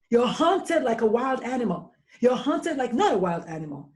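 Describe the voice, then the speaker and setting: A woman's voice: fairly high pitch, big pitch swings, moderate pace, hardly any pauses, darkish tone. A woman speaking as a podcast guest in a casual discussion, impassioned and blunt, firing emphatic questions.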